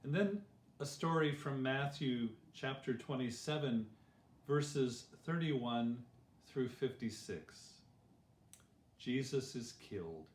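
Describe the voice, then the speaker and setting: Slow, gentle man reading a children's story. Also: mid-range voice, lively intonation. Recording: roomy echo.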